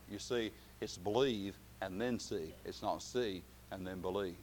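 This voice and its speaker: A man preaching a sermon, dropping to quiet, drawn-out phrases and then rising to loud shouted climaxes. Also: low voice, a little hiss or hum.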